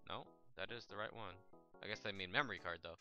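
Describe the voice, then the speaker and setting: A man hosting a live let's play, commenting as he plays; he shouts attack names in bursts and mutters asides in between. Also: low voice, fast talker, lo-fi sound, soft background music.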